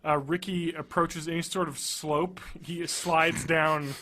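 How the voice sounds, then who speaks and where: A man's voice: on the high side, steady tone, takes it slowly, bright, forceful tone. A man in his thirties co-hosting a casual podcast, rambling, laughing often and swearing freely. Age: 30s. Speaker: podcast co-host.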